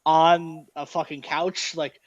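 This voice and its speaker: A man's voice: a little high, flat delivery, takes it slowly, dry recording. A man co-hosting a beer podcast, chatting loosely and cursing, with a laugh now and then. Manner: loose, profane, laughing chat. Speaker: podcast co-host. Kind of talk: casual chat. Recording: dull, dry lo-fi mic.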